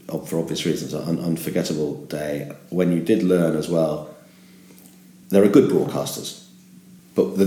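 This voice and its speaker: A sports broadcaster with a very low voice speaks in a reflective, emphatic way. He often stumbles and repeats words as he starts each point. His voice echoes around the room. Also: warm tone. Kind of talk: reflective interview talk.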